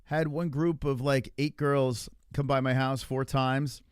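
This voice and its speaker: A male livestream host talks in a loose, rambling way, swearing freely as he reacts to the chat. His voice sits at an ordinary middle pitch. The sound is dry, with no room around it. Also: flat delivery, measured pace, smooth, no echo. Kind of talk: casual profane livestream chat.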